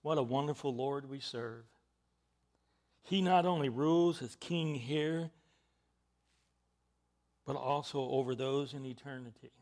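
A male preacher delivering a sermon, swinging from hushed, almost whispered lines to loud emphatic ones, repeating key words and asking his listeners questions. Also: mid-range voice, a little slow, long pauses.

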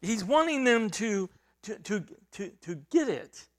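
A man preaching an expository sermon, emphatic and repeating himself, dropping at times to a hushed near-whisper. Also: high-pitched, big pitch swings, measured pace. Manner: repeats and restarts words while reaching for a point.

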